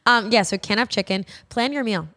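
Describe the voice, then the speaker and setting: Animated laughing woman podcaster. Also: fairly high pitch, fairly quick. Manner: animated storyteller, laughs often, swears casually. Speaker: podcast co-host. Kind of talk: casual chat.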